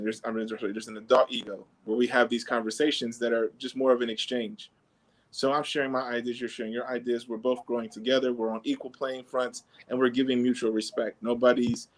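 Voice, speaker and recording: A man's voice: mid-range voice, poor audio. A man hosting a podcast, explaining ideas in casual talk full of fillers and little sample dialogues. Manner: conversational, peppered with fillers. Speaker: podcast host.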